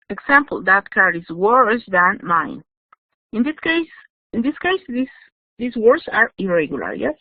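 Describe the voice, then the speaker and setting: A woman's voice: medium pitch, very animated, measured pace, no room sound. A woman teaching English grammar in an online class, explaining patiently and checking in with "yes?". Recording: dry, tinny phone-like audio.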